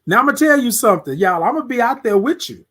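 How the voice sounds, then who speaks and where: A podcast host talks fast and animatedly during his motivational talk, his voice high and husky. Like a preacher, he repeats himself, sometimes slipping into murmured talk to himself.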